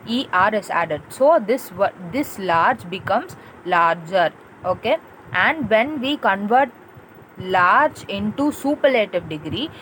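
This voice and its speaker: A woman's voice: medium pitch, rough recording. Woman teacher, repetitive classroom explaining, faint road noise. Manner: patient, repetitive explaining with spelled-out letters and check-in questions. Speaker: English teacher. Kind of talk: classroom grammar lesson.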